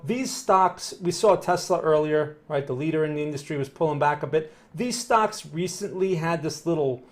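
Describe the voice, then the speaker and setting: A man's voice: fairly high pitch, darkish tone. A man giving casual live-stream chart analysis and answering viewer questions, thinking aloud with frequent "right?" and "okay?".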